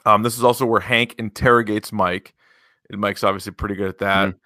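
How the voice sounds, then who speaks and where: A man's voice: on the low side, brisk, no echo, clean studio sound. A man hosting a podcast, recapping TV episodes in a rambling, casual way with lots of fillers. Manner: rambling, filler-heavy, animated retelling. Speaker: radio host and podcast co-host.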